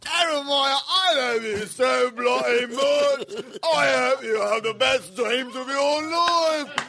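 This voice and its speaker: A man voicing a doting mother from Liverpool who half-shouts loving, cooing goodnight words in a Liverpool accent. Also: very high voice, takes it slowly, creaky, voice pushed up, heavily acted.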